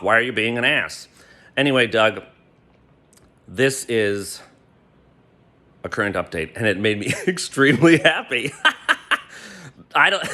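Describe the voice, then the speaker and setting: A man telling a personal story to a friend, animated and swearing freely. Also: on the low side. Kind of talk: gleeful personal anecdote.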